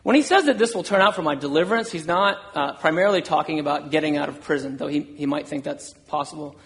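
A man's voice: fairly high pitch, fast, fairly bright tone. A man preaching a sermon, earnest, voicing an apostle's words with rising intensity. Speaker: pastor.

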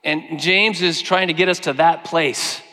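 A man preaching a sermon, earnest, slowing down and growing quiet when he quotes scripture. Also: on the high side, fairly even intonation. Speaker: pastor. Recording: long hall reverb.

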